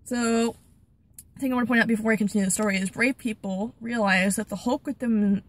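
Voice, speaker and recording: Chatty woman retelling a Bible story. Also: a little high. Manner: chatty, animated, with quick restarts. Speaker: channel host, Bible study.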